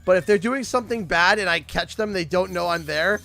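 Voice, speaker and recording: Rambly canadian guy streaming a game, kinda high voice, faint game music going. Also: brisk, gravelly. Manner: rambling, chatty, with sudden loud shouts. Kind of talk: casual live-stream gaming chat.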